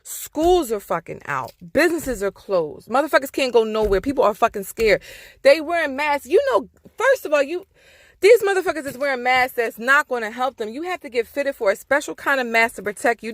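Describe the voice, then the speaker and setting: A woman vlogger with a high-ish, very animated voice speaks briskly in a casual ranting monologue, recorded with studio quality and no echo. Profane and exasperated, she grows more heated as she talks.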